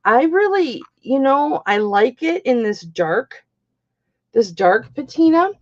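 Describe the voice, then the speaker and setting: A middle-aged woman hosts a live-stream jewelry sale, talking slowly and easily. She is chatty and bawdy and greets her viewers by name. Her voice comes through slightly muffled, lo-fi stream audio. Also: high voice, very animated. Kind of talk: live-stream auction chat.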